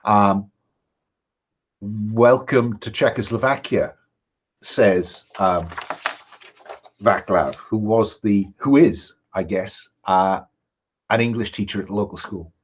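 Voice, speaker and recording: Man, game master, husky voice, muffled lo-fi sound, measured with many ums. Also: on the low side. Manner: measured, frequent ums and restarts. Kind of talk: narrating a tabletop game.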